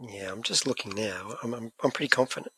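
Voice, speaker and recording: Australian male podcast co-host, animated and chatty, bright tone, dry close mic. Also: lowish voice, fast, slightly rough, no echo. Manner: chatty, animated, laughs easily. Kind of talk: casual podcast chat.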